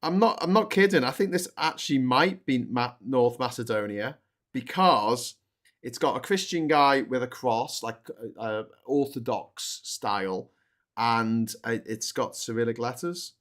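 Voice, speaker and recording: A man's voice: medium pitch, measured pace, a bit bright. A man with a Liverpool accent hosting a casual, sweary political chat show, rambling and joking about himself. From Liverpool, England. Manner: chatty, sweary, self-mocking. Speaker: host.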